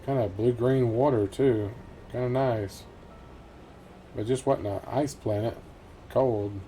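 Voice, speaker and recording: A middle-aged man gives casual, rambling commentary while playing a game. His voice is mellow and average in pitch, and his easygoing manner is broken by frequent quiet chuckles. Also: slow pace, slight background noise. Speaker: gameplay commentator. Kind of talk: casual let's-play commentary.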